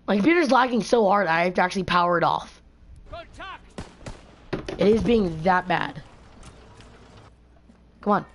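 A woman's voice: on the low side, unhurried, pauses often. A woman live streaming a game, ranting and swearing in frustration at the other team and her computer. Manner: profane, frustrated, complaining. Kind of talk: angry gaming live stream rant. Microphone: gaming headset mic.

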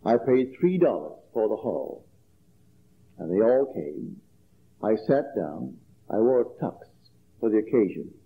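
A man's voice: on the low side, very animated, vocal fry. Man lecturing on old, tinny tape. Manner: measured, emphatic, repeats key phrases. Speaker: spiritual lecturer. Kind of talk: lecture with personal storytelling.

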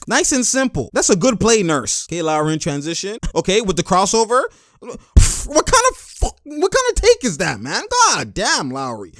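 A young man hosting casual game-watching commentary, animated and full of exclamations and laughter. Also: high-pitched, no room sound, studio quality. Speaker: host.

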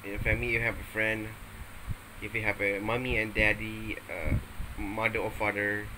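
A man's voice: on the low side, flat delivery, normal speed. Rambling man over air-conditioner hum. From Malaysia. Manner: rambling, hesitant, playful, with many restarts. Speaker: vlogger. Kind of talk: casual rambling vlog.

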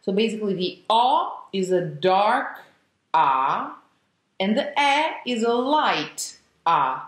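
A woman, an opera diction coach teaching vowels slowly and demonstrating each sound. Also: medium pitch, animated. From Italy. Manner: slow, deliberate, sings out example vowels. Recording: echoey room.

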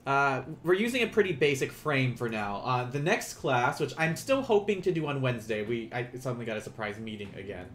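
A man teaching a beginner Japanese lesson on a live stream, explaining in a relaxed, chatty way with many fillers and restarts. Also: mid-range voice, a little fast, few pauses, slight background noise.

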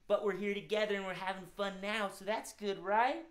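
A woman's voice: medium pitch, fairly even intonation, brisk, few pauses. A woman who hosts a live-streamed children's music show, speaking in an upbeat way and addressing the kids directly.

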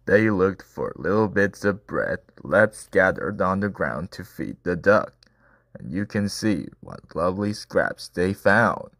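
Low-voiced storyteller man. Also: lively intonation, unhurried, vocal fry, fairly bright tone, dry recording, clean studio sound. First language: Korean. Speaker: channel host and storyteller. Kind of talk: children's story read-aloud.

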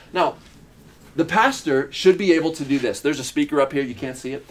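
A man's voice: a little high, a little fast. A man preaching a sermon as pastor, emphatic, with repeated phrases and rhetorical questions. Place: church in Uganda.

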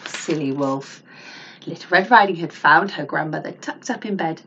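A woman's voice: deep voice, normal speed, breathy edge, highs cut off. A woman teacher reading a picture book aloud to children, asking them questions and gasping at the twists. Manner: animated, with gasps and questions to the listener.

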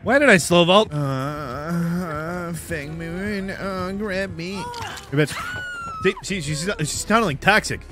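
A man streaming a horror game, reacting with loud, profane outbursts as he plays. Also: high-pitched, slow pace, hardly any pauses. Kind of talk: live gameplay commentary. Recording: game music underneath.

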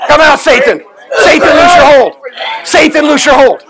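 A man leading a deliverance prayer, forceful and commanding, often shouting. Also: very high-pitched, normal speed, rough recording. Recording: crowd noise behind.

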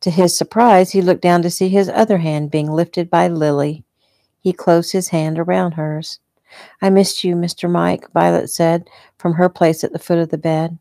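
Author reading her novel at home, a woman with a low, mellow voice, dry close sound. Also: normal speed, no room sound. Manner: relaxed, unpolished reading with small slips. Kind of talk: casual read-aloud narration.

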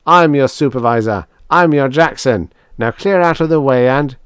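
A man voicing a brash, desperate young spacefarer who shouts in rough slang. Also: medium pitch, lively intonation, moderate pace, no room sound, studio quality, pitched above the performer's own voice, close to an everyday voice.

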